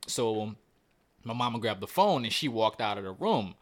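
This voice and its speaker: A man's voice: on the low side, big pitch swings, normal speed. A man in his twenties co-hosting a podcast, telling a story in a blunt, profane, casual way. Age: 20s. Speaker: podcast co-host.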